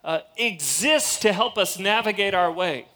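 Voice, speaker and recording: A male preacher with a high, ringing voice delivers an energetic sermon in an outdoor ballpark stadium. He talks emphatically and slows down to repeat his key points. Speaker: campus ministry preacher.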